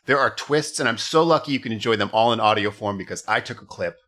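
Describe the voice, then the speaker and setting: A man co-hosting a comedy podcast, recapping a bad movie with sarcasm and animated storytelling. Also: fairly low pitch, fast. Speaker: podcast co-host.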